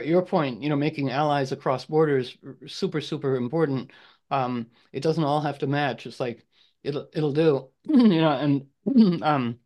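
A man's voice: mid-range voice, a little mellow. Rambling man leading a video call. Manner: rambling, repetitive restarts, frequent throat clearing. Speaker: group leader. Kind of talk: casual group video call.

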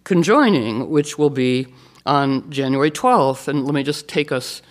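A man giving an astrology talk to an audience, rambling with many restarts and fillers, his voice jumping up for emphasis. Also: unhurried. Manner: animated, jumps up in pitch for emphasis.

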